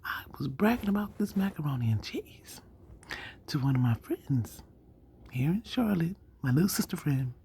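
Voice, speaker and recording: Woman storyteller, animated, gravelly, dark tone. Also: low-pitched, normal speed, a little hiss or hum. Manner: animated, acts out quoted dialogue. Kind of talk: casual storytelling.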